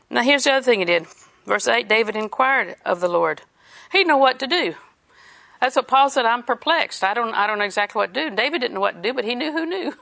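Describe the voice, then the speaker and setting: A woman's voice: a little high, vocal fry, sharp tone. A woman preaching a sermon, reading scripture in a conversational way and laughing often.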